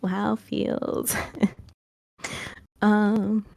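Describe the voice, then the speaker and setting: A woman's voice: medium pitch, flat delivery, very slow, creaky, darkish tone, no room sound, clean studio sound. A young woman streamer, a guest on a podcast, talking casually and emotionally while tearing up. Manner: emotional, laughs through tears. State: crying. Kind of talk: casual interview chat.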